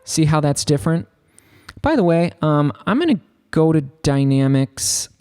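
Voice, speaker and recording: Brief: male tutor, slightly higher voice, loose and chatty delivery, soft keyboard notes in the background. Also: very animated, measured pace, clear, resonant tone, soft background music. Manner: rambling, loose, full of 'like' fillers. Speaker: music production tutor. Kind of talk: casual software synth tutorial. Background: faint synth keyboard notes.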